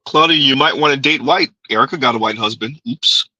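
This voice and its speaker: A man with a bright, sharp voice that carries a husky edge. He hosts a commentary show and drops teasing, sardonic asides between clips. The sound is close and dry. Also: medium pitch, fairly quick, dry recording, muffled recording. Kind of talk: reacting to clips.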